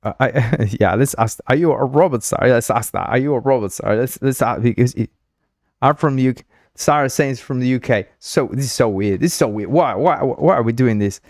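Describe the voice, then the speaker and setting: A man's voice: mid-range voice, brisk, hardly any pauses, a little mellow, dry recording, clean studio sound. A man from Uruguay hosting a casual livestream, rambling and joking, with frequent laughs and stumbling restarts. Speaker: livestream host.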